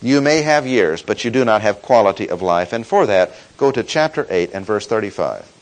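In this rough recording, a male preacher delivers an expository Bible sermon with lively intonation. His measured, emphatic style has him stressing key words, letting his pitch swing freely and slowing sharply for emphasis.

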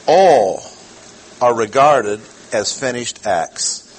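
A man's voice: medium pitch, animated, measured pace, a bit bright, breathy edge, low-quality recording. A man preaching a sermon, teaching through a passage with rhetorical questions and repeated key phrases.

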